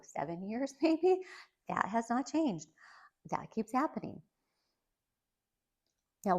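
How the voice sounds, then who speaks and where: Medium-pitched with a darkish tone, this woman around fifty vlogs in a relaxed, chatty way. She passes along her own experiences and tips, a light laugh slipping in now and then.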